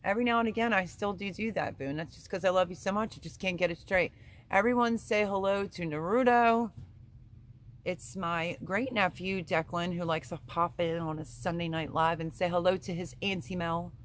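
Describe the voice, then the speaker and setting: A woman's voice: fairly low pitch, fairly even intonation, a little fast, hardly any pauses. A middle-aged woman hosting a casual livestream, chatty and giggly, reading viewer names aloud. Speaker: livestream host reading chat. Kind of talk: casual live chat.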